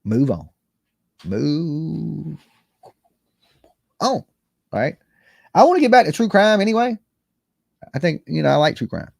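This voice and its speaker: A man's voice: sits high, sing-song, brisk, vocal fry, pauses often, darkish tone, no room sound, studio quality. A man, just woken up, ranting casually as a livestream host, rambling and repeating "okay" and "you know what I'm saying".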